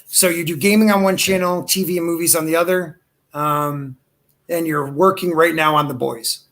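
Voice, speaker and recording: A fairly high-voiced man hosting a casual live podcast. He talks loosely and with eager enthusiasm, tossing around dude and brother. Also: fairly even intonation, moderate pace, a bit bright. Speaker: podcast host. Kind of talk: casual live-stream chat.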